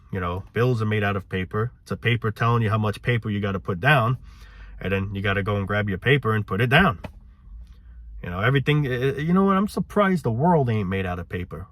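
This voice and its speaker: A man's voice: lowish voice, fairly bright tone, no echo. Rambling frustrated man, dry close sound. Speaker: channel host. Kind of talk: casual ranting vlog.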